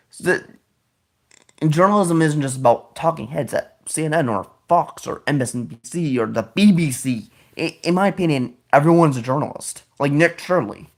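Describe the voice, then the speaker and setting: A male podcast host with a mid-range voice delivers a loose, opinionated monologue, outspoken on politics. He rambles between points, often restarting sentences and correcting himself.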